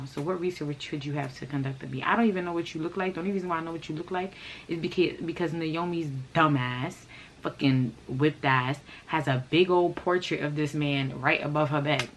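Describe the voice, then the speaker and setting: A woman with a deep, low voice telling a storytime vlog. She rants bluntly and profanely, sounding exasperated as she recounts the story. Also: slight background noise, low-quality recording. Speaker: fashion channel host.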